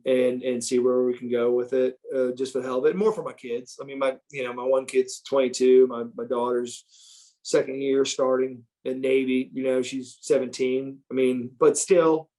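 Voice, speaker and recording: A middle-aged man as an interview guest, telling stories in a casual, animated, profane way with frequent restarts. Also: mid-range voice. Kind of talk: casual storytelling.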